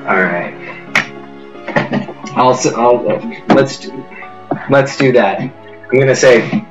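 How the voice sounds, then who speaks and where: A man's voice: medium pitch, slow pace. A man playing a tabletop game, hesitant and thinking aloud as he plans. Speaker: player. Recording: roomy echo, dull sound, faint music.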